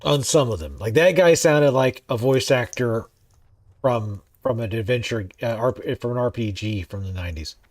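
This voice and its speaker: A man streaming a game, chatting in a rambling, easygoing way with quick asides. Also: mid-range voice, a little mellow, dry recording. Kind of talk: casual gameplay commentary.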